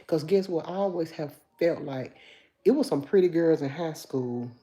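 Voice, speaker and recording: A woman's voice: low-pitched, normal speed, mellow. A woman in her fifties with a Memphis accent, chatting casually on a livestream and reading viewer comments aloud. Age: 50s. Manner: chatty, addresses viewers as y'all. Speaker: livestream host.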